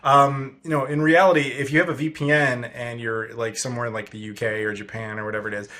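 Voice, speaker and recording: A man's voice: mid-range voice, steady tone, fast talker, pushed and bright. Chatty american vlogger man. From United States. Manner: chatty, joking, rambling with many fillers. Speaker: travel vlogger. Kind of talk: casual walking vlog. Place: outdoors on town streets.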